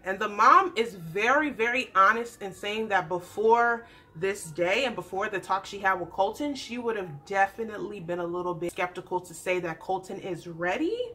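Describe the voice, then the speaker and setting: A young adult woman chatting through a casual TV recap, animated and acting out the people she describes. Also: mid-range voice, moderate pace, a little hiss or hum. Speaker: YouTube TV recap host.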